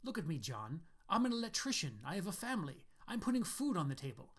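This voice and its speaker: A man's voice: high voice, very animated, fast. A man voicing a weary, blunt middle-aged electrician and family man in a story reading. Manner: blunt, dismissive.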